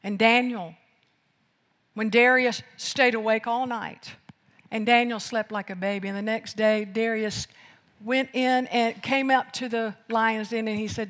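Preacher going loud then soft in a sermon, big echoey church hall. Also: medium pitch, steady tone, a little slow. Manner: emphatic, swings from loud declarations to hushed lines. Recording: long hall reverb.

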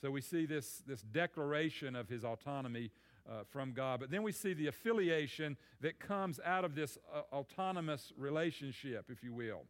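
A man's voice: medium pitch, expressive, normal speed. A man preaching a sermon on a psalm in a conversational way, often repeating words as he thinks aloud.

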